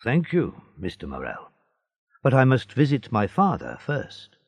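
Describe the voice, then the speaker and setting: Guy doing a polite eager young sailor, slow and gravelly, super lively pitch. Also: dry recording, full character voice. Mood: earnest.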